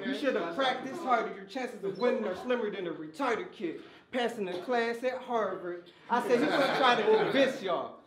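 A man's voice: high-pitched, animated, moderate pace, few pauses, echoey room, over a noisy crowd. A man battle rapping a cappella, delivering taunting punchlines at an opponent at a live event. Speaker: battle rapper.

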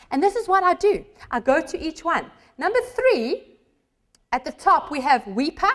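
A woman teaching students memory strategies in a lively workshop talk, acting out her memory pictures with cries and little voices. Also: high voice. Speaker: motivational speaker and study skills teacher.

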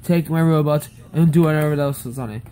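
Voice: medium pitch, a little fast, warm tone. A young speaker ranting angrily and pleading over and over, saying "beep" in place of swear words. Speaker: upset player. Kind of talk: angry rant to camera.

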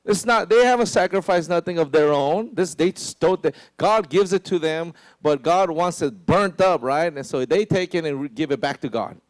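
A pastor preaching a sermon in a conversational way, often asking "right?" and dropping into a lower voice to act out quotes. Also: male voice, moderate pace, hardly any pauses, dry recording. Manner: conversational, many "right?" asides and restarts.

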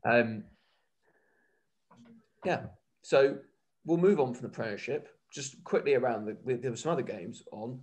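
A man co-hosting a rugby podcast, talking in an excitable, rambling way with many restarts. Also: mid-range voice, a little slow, pauses often. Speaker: podcast co-host. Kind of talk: casual rugby chat.

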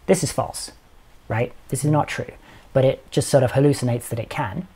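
A man hosting a casual podcast chat, explaining things in an animated way and quoting with dry amusement. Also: medium pitch, normal speed, husky. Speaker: podcast host.

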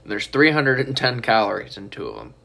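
A man's voice: on the low side, huge pitch swings, a little fast, gravelly, pushed and bright. A young man talking casually and teasingly in a rambling home vlog from student housing. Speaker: vlogger.

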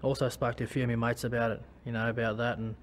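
Australian man, former league player, candid testimony. Halting, restarts, level tone. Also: medium pitch, little pitch movement. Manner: halting, many restarts and fillers. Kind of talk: personal testimony.

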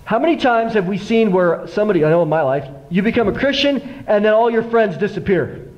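With lo-fi sound, a high-pitched middle-aged pastor preaches fairly quickly in a church sanctuary. He tells stories in an animated way, taking on the voices of the people in them.

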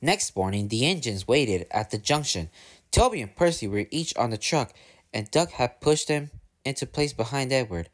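A man's voice: medium pitch, moderate pace. A man reading a railway storybook aloud, doing voices for the characters. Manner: lively, puts on voices for characters. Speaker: narrator.

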